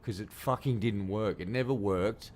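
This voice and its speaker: Swearing Australian man, low voice. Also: moderate pace, a little mellow, slight background noise. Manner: profane, ranting, blunt. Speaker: game streamer. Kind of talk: casual gameplay commentary.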